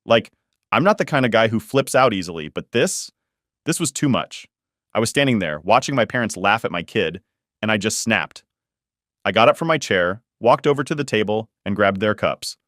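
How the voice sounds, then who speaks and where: A man's voice: on the low side, expressive, moderate pace, fairly bright tone, no echo, studio quality. A man narrating a first-person family story in a casual, blunt way that swears freely.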